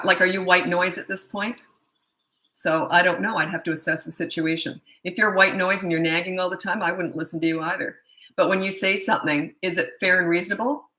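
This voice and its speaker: Blunt, bright-voiced woman parenting coach. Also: lowish voice, rough recording. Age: middle-aged. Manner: blunt, firm and matter-of-fact. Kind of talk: casual Q&A advice talk.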